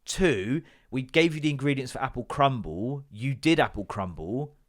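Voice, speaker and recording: A man hosting a podcast, telling a story as an animated, exasperated comedic rant and swearing freely. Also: mid-range voice, normal speed. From Britain. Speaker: podcast host.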